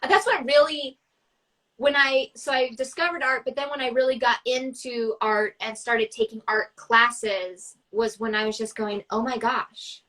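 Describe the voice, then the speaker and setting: A woman artist and coach chatting on a video call, telling lively stories and acting out the people in them. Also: fairly high pitch, a little slow, rough recording. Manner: animated storyteller, acts out quotes. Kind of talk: casual conversation.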